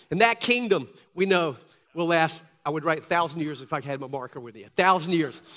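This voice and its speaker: A man preaching a sermon to his congregation, reading scripture aloud and swinging between loud, emphatic lines and hushed ones. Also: on the high side. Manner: addresses congregation directly as folks. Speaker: pastor. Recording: long hall reverb.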